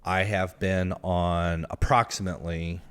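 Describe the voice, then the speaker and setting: Podcast co-host, man from the Midwest; low voice, unhurried delivery, candid and self-deprecating. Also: little pitch movement, smooth. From American Midwest. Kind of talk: casual chat.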